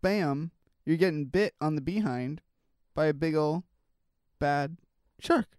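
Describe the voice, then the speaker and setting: A man chatting casually as co-host, rambling through his thoughts with plenty of fillers and restarts. His voice sits a little high and sounds smooth and clean. The sound is dry and close. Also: takes it slowly, darkish tone, no echo. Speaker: podcast co-host. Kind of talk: casual chat reacting to news stories.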